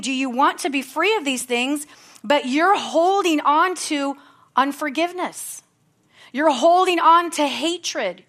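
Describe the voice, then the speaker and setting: A woman's voice: sits high, fairly bright tone. A woman pastor preaching a sermon with fervent, exhorting calls to action and chatty asides. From United States. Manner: conversational asides, laughs at herself.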